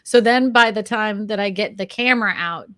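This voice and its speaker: A woman co-host with a medium-pitched voice, talking in a chatty and self-deprecating way. She laughs easily as she talks. Her voice sits close and dry, with no room sound. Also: normal speed, bright, forceful tone, no echo. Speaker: co-host, real estate agent and YouTuber. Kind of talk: casual chat.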